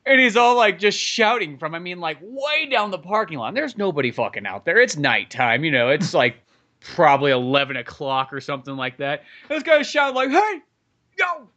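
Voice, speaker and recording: A man's voice: fairly high pitch, animated, fairly quick, bright, forceful tone. A man on a podcast telling a rambling, casual story with lots of fillers and swearing. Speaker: podcast co-host.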